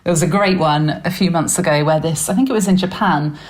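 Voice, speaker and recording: A woman's voice: deep voice, fairly quick. A woman, a radio news presenter chatting as a guest on a podcast and laughing often. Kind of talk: casual podcast chat.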